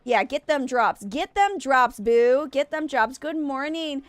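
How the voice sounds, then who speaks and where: A woman's voice: high voice, animated, unhurried, no echo. A young woman live-streaming a game, chatting with viewers in a rambling way and correcting herself often, with a stuffy nose. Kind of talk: casual live-stream chat.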